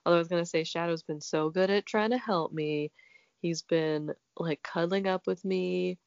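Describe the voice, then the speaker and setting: A woman with a cold chats casually as a podcast host, laughing and talking to her cat between stories. Her voice sits low and gravelly. The audio is dull and lo-fi. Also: steady tone, moderate pace, a little mellow, no echo. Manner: chatty, laughs often, talks to her cat. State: sick with a cold. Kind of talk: casual chat.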